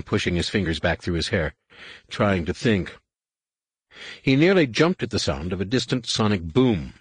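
Man reading a novel aloud, low husky voice, steady, dry close sound. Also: dry recording. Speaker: audiobook narrator. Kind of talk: scripted narration.

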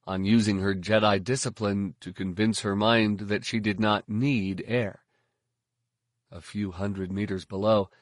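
A man reading scripted audiobook narration in a steady, even storytelling manner. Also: on the low side, dry recording, clean studio sound.

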